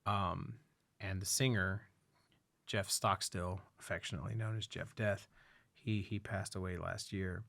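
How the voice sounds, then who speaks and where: A man's voice: low voice, steady tone, a little slow, vocal fry, a bit bright, dry recording. A man co-hosting a podcast in casual chat, loose and swearing often. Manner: loose, swears a lot, many fillers. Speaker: podcast co-host.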